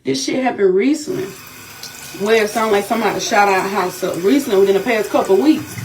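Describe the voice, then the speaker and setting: A woman's voice: medium pitch, quick pace, a little mellow, slight background noise. A woman venting to her vlog viewers in an agitated, profane, repetitive rant, shaken and upset. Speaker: vlogger.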